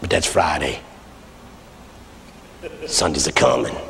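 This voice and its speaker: A man voicing an old male pastor preaching slowly and softly in a deep, hushed, drawn-out voice. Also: steady tone, creaky, heavily acted. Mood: solemn. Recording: archival talk in a reverberant hall with background noise.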